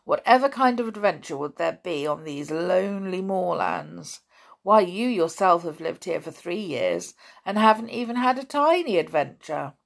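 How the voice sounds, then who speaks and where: A woman reading aloud, voicing a calm, sensible older boy who talks others down. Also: on the low side, moderate pace, creaky. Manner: calm, reasoning.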